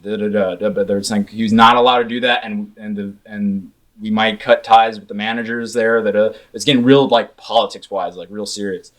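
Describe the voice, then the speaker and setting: A man's voice: on the low side, steady tone, fairly quick, hardly any pauses, fairly bright tone. A young man co-hosting a casual podcast, telling stories loosely and swearing a lot. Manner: loose, profane storytelling with lots of swearing. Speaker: podcast co-host. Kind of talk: casual chat.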